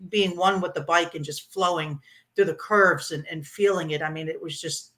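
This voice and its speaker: A woman from Florida telling her motorcycle trip story in an interview, animated and laughing, with many ums and restarts. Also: lowish voice, normal speed.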